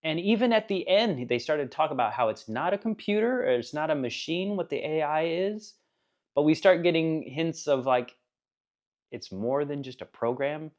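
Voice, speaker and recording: A man's voice: fairly high pitch, animated, moderate pace, highs cut off. A man giving a casual spoken book review, rambling and enthusiastic, laughing now and then at the funny parts.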